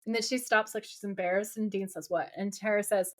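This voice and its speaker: A woman's voice: mid-range voice, fairly quick. A woman co-hosting a podcast, casually recapping a TV episode and acting out its dialogue. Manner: animated, retells scenes in quoted dialogue. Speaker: podcast co-host.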